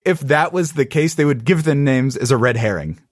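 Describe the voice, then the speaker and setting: Lively guy on a video call recap podcast, dry close mic, bouncy pitch. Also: dry recording. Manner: animated, quick asides, playful quoted voices. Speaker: podcast co-host. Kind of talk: casual recap chat.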